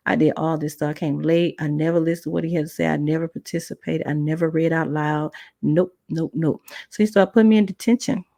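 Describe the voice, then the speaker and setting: A woman's voice: low voice, fairly quick, gravelly, dry recording. A woman podcast host telling a personal testimony in a casual, chatty way, acting out the dialogue as she goes. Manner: animated, acts out quoted dialogue; casual, chatty asides to viewers.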